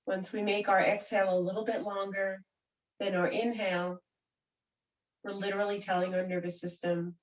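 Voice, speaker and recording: A woman teaching a gentle yoga and breathing class, guiding calmly and softly. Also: mid-range voice, normal speed. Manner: calm, gentle, soothing guidance. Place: room where she does yoga on a mat. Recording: roomy sound from a distant mic.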